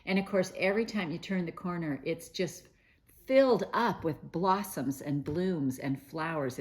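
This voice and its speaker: Speaking casually to camera, the middle-aged host of a quilting news show gushes and chats, with plenty of fillers and restarts. Her voice is low-pitched and a little mellow.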